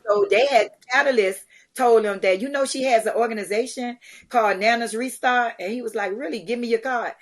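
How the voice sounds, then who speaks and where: A middle-aged woman, a charity founder, telling lively stories in a podcast interview, acting out what others said and laughing often. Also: a little high, fairly quick. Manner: animated storyteller, acts out quotes, laughs often. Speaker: guest, community charity founder.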